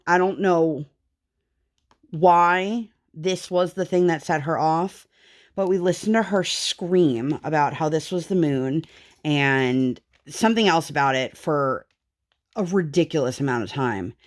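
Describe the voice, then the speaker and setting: Woman, low voice, casual chat while crafting, rambling, lots of fillers. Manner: rambling storytelling, many fillers. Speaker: craft vlogger and mother.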